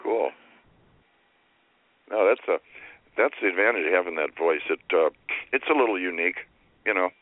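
Male host, low voice, easygoing rambling questions; dry, band-limited phone-line audio. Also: moderate pace, long pauses, no room sound. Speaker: radio show host. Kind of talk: casual radio chat. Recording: dry, phone-like narrow sound.

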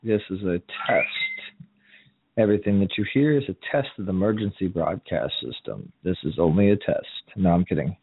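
A man's voice: low voice, animated, moderate pace, vocal fry, husky, phone-quality sound. A man hosting his own show, casually testing his desk microphone, joking and counting as he tries settings. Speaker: show host. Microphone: USB desk microphone.

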